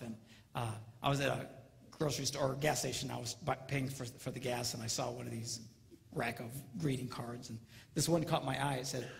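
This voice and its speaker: This man's medium-pitched, fairly bright voice shows vocal fry as he presents a humorous marriage seminar to an audience in a big hall, now and then launching into squealing imitations of women. He is in his fifties, and the recording has hall reverb and a faint noise floor.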